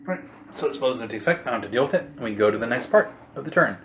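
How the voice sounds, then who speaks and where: A man's voice: mid-range voice, very fast, a little hiss or hum. Game master man in an echoey room. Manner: steady, explains rules and narrates action. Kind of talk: running a tabletop game.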